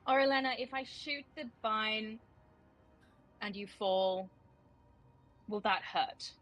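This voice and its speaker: A woman's voice: mid-range voice, slow pace, a bit bright, faint music behind, low-quality recording. A woman playing a tabletop game, helpful and asking many questions. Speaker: player.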